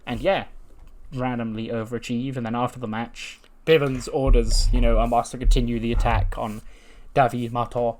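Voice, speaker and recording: A man's voice: mid-range voice, steady tone, moderate pace, darkish tone. A man giving a casual, rambling recap of a wrestling game, swearing and laughing at results. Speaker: game commentator.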